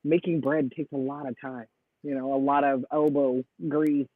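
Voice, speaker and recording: A man's voice: mid-range voice, normal speed, no room sound. Chatty man on a tinny line. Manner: chatty, laughs often, animated storytelling. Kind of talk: casual chat. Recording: dry tinny phone-like sound.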